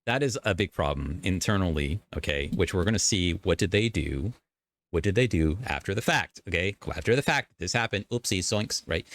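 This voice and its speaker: A man giving casual, animated commentary on gaming news, swearing and slipping into mocking voices. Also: deep voice, a little fast.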